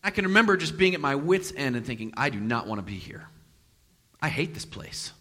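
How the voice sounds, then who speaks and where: Animated male preacher in a reverberant hall. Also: mid-range voice, brisk. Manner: animated, acts out quotes with sudden loud and hushed turns. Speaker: pastor. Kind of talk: sermon with personal storytelling. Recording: long reverb of a large hall.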